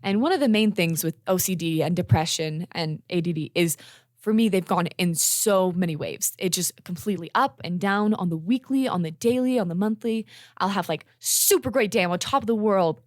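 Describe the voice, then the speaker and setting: A young adult woman, a podcast guest telling her own story candidly, earnest and halting, often repeating words as she restarts. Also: on the low side, no room sound, clean studio sound.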